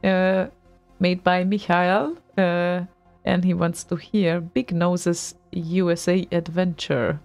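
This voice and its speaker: A woman's voice: lowish voice, flat delivery, slow pace, a little mellow, faint music behind. A woman co-hosting an online radio show, chatting casually with a hesitant, laughing manner.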